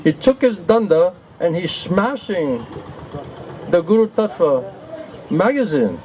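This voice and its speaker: A man telling a humorous anecdote to listeners, with slow, drawn-out delivery, laughter and mock-pleading repetitions. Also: sits high, expressive, darkish tone, a little hiss or hum, rough recording. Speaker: storyteller to an audience.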